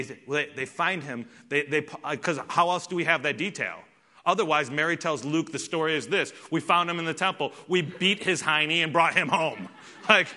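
A middle-aged man preaching a conversational, animated sermon and acting out the people in the story. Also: high-pitched. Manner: conversational, animated, acts out quoted voices. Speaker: pastor.

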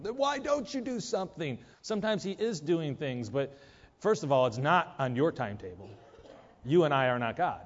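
A man preaching a sermon, emphatic and animated, who acts out whiny prayers in a mocking voice. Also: on the high side. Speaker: pastor. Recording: dull lo-fi sound with long hall reverb.

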